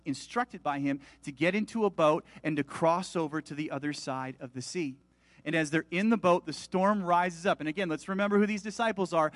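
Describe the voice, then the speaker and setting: A man's voice: high-pitched, no echo. A man preaching a sermon as a pastor, emphatic, rising and falling in volume as he reads and explains scripture.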